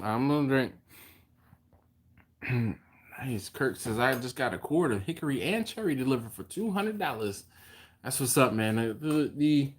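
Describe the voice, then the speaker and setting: A man hosting a laid-back live barbecue chat and answering viewers as their comments come in. His voice sits in a middle pitch, and it swings up and down a lot when he gets going. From Philadelphia. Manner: animated, jumps in pitch when quoting others. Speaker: host of a barbecue livestream. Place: home, live stream.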